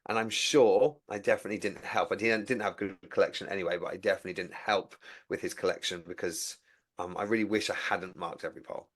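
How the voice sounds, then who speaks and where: A man's voice: sits low, fast. A man chatting casually about training agility dogs, acting out what he says to them as he tells it. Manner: animated storytelling, acts out what he says to his dogs. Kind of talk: casual chat.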